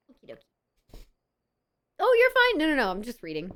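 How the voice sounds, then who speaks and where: A woman's voice: high voice, wildly swooping pitch, normal speed, a bit bright. A woman streamer chatting casually and thanking viewers in a bubbly voice. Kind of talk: casual livestream chat.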